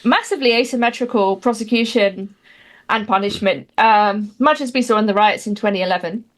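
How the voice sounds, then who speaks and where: A woman's voice: medium pitch, brisk. A woman, chatting as an interview guest, talking wryly with many fillers and restarts. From Britain. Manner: dry, wry humor with many fillers and restarts. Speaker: guest commentator. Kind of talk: casual interview chat.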